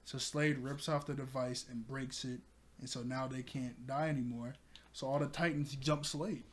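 A man casually recapping a cartoon episode for his channel, excitable, laughing often and breaking into loud exclamations. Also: mid-range voice, moderate pace.

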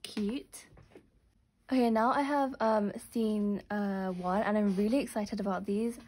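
A young woman doing casual unboxing commentary, gushing and gasping with excitement over what she pulls. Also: medium pitch, unhurried, a little hiss or hum. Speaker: unboxing vlogger.

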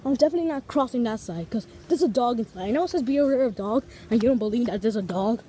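Woman vlogger, higher voice, chatty walk-and-talk outdoors, fond of fancy words. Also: lively intonation, fast, dark tone, a little hiss or hum. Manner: chatty, piles on big vocabulary words; talks to viewers while walking. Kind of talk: casual walking vlog. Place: outdoors on streets and in a park.

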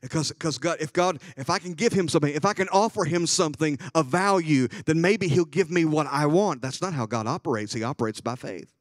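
Bishop preaching, male, high-ish voice, dramatic storyteller shifting from hushed to loud, dry close recording. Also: fairly quick, hardly any pauses, no room sound. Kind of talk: sermon.

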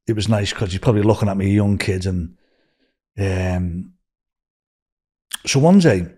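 An older man with a Liverpool accent, telling rambling, animated anecdotes as a podcast guest. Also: sits low, normal speed, husky. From Liverpool, England. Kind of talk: casual storytelling.

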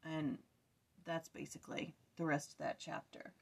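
A woman's voice: low voice, flat delivery, normal speed. A young woman reading scripture aloud and reflecting in a chatty, tired way, stumbling and correcting herself. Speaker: scripture study vlogger. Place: home room.

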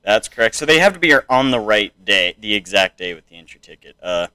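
Bright-voiced young man narrating a game. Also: lowish voice, sing-song, brisk, clear, resonant tone, no room sound. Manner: chatty, reads game text aloud, tries silly accents. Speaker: gameplay streamer. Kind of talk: casual let's play commentary.

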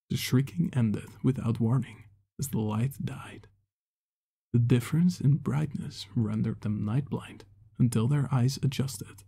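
Brief: male storyteller, gravelly, husky voice, measured reading. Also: medium pitch, dark tone. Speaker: fantasy author and narrator. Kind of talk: scripted narration.

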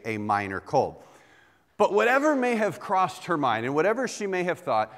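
A middle-aged man delivers a sermon in a church sanctuary, his voice sitting a little high for a man. He leans on self-deprecating humor and repeats words as he thinks aloud. A long reverb from the hall trails every phrase. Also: fairly bright tone. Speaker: pastor.

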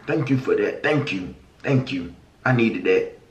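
A man hosting a casual reaction vlog, animated and exclamatory, swearing freely and a little out of breath. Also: on the low side, measured pace, recorded from a distance. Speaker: YouTube host reacting to food videos. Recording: roomy, off-mic, faint hiss.

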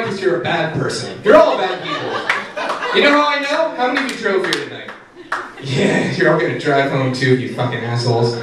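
A man performing a standup comedy set on a brewery stage, animated and jumping to high shouted voices for the punchlines. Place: brewery stage, live audience. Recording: echoey room recording from a distance, noisy.

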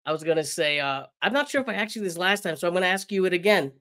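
Hoarse male podcast host. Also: sits high, animated, very fast, a bit bright. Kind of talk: casual podcast chat.

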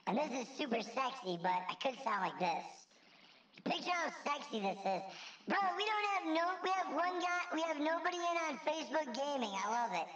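A man speaking playfully through a voice changer that pitches his voice up. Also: sing-song, moderate pace, a bit bright, roomy sound, distant mic, heavily acted, low-quality recording. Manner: playful, showing off silly voices. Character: streamer's own voice shifted high by voice changer. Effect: pitch-raising voice changer.

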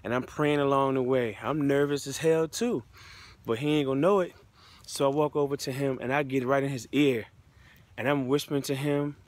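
Speaking at a moderate pace in a mid-range voice, this man from the United States tells his own testimony. He's a motivational speaker, and his storytelling is relaxed, sincere, and sprinkled with slang.

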